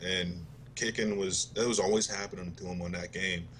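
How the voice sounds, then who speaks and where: Deep flat voice guy talking slow and easy about a buddy, slight noise. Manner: easygoing, halting with fillers. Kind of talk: casual memorial chat.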